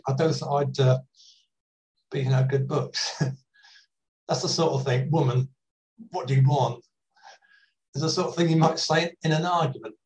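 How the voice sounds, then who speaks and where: A man preaching a sermon in a conversational, gently humorous way, with pauses and restarts. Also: mid-range voice, recorded from a distance, poor audio.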